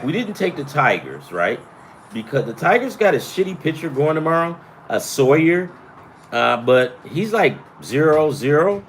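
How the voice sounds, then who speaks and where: A man's voice: medium pitch, slight background noise. A man hosting a casual sports betting chat, rambling and profane, with self-deprecating asides. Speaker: sports betting picks host.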